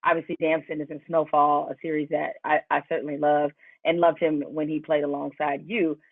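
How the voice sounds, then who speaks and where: A woman's voice: sits low, little pitch movement, brisk, no echo. A woman podcast host asking long, winding questions in a casual interview, laughing often. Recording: tinny phone-like, dry sound.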